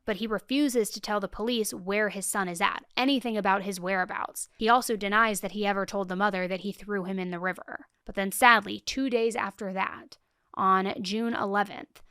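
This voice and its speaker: A young woman talks through a true crime case like she is chatting with a friend, emphatic and openly indignant. Her voice is smooth and clean. The sound is dry and close to the mic. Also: mid-range voice, a bit bright, no echo. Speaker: true crime podcast host. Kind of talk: casual true crime commentary.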